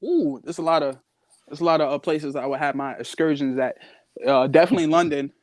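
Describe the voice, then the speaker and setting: A man's voice: on the high side, a little fast, dry recording, studio quality. A young man, a wrestler, talking in a casual live podcast interview, boastful and playful. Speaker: guest wrestler.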